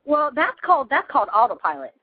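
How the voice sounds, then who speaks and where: A woman's voice: high voice, sing-song, quick pace, dry recording. A woman hosting a casual radio interview, a chatty storyteller who laughs often. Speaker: host. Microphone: phone. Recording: tinny phone line, dry.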